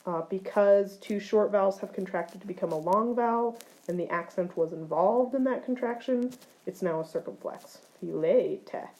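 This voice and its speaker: A woman's voice: mid-range voice, normal speed, darkish tone, rough recording. A woman teaching ancient Greek grammar in a recorded lecture, explaining forms step by step, with occasional fillers.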